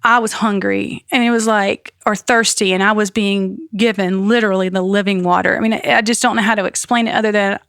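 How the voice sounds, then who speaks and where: A woman sharing her faith testimony in earnest, lively storytelling. She speaks at a middle pitch and pokes fun at herself now and then. The recording is close and dry, with no room sound. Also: a little fast, hardly any pauses, clear, resonant tone, no echo. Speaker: podcast guest.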